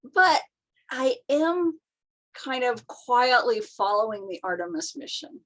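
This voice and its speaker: A woman's voice: sits high, expressive, slow pace, a bit bright. Thoughtful woman author guest. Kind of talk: casual chat.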